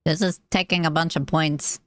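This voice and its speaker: Low-voiced woman streaming a game. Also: steady tone, moderate pace, a bit bright, no room sound. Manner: chatty, reactive, swears when startled. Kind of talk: casual gaming commentary.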